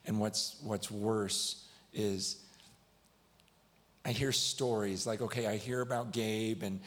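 A man's voice: fairly low pitch, steady tone, slow pace, a bit bright. A man preaching a sermon at a live event, telling a story in a conversational way and acting out what others said.

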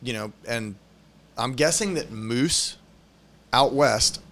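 A man's voice: mid-range voice, takes it slowly, a bit bright. A man organizing an event, talking in a laid-back, slangy way and swearing freely. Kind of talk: casual chat.

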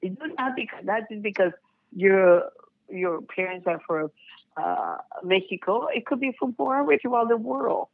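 A woman's voice: mid-range voice, big pitch swings, moderate pace, no echo. An older woman, a folk dance director, talking proudly and at length as a guest on a radio show. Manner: warm, proud, rambling storyteller. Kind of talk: casual radio interview. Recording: tinny phone line, dry.

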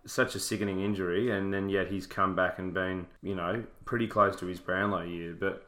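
A young Australian man rambles through football talk, slangy and blunt. His voice is bright and forceful, and it sits fairly low. The room around him rings with echo. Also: little pitch movement, normal speed. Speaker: podcast co-host. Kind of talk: casual sports chat.

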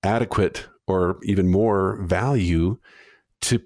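A man with a lowish voice hosts a relaxed interview, musing aloud as he builds his questions. He talks in a reflective, searching way. The sound is close and dry, with no echo. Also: slow pace. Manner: reflective, thinks aloud with fillers. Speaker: podcast host. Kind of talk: casual interview.

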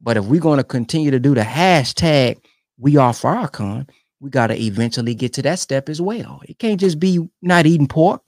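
A man giving casual commentary on speech clips, animated and colloquial, repeating phrases for emphasis. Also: fairly high pitch, normal speed, no room sound, studio quality.

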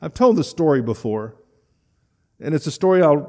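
A middle-aged man preaching a sermon, telling a story and swinging between loud emphasis and hushed, reflective passages. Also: medium pitch, animated, normal speed. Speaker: pastor.

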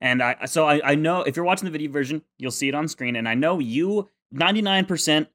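A man co-hosting a casual podcast chat, ranting in an animated way with plenty of swearing. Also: fairly high pitch, fast talker. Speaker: podcast co-host.

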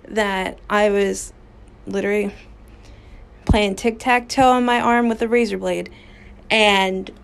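A woman's voice: mid-range voice, gravelly. A woman hosting a podcast, telling a personal story in a candid, raw way with casual swearing and many fillers, recorded on a phone in a small booth. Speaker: podcast host.

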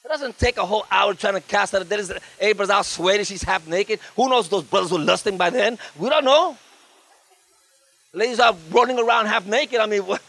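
A man with a high, creaky voice speaks briskly as a guest pastor delivering a sermon at a church service. He's fervent, weaving in lively storytelling asides and calling for amens.

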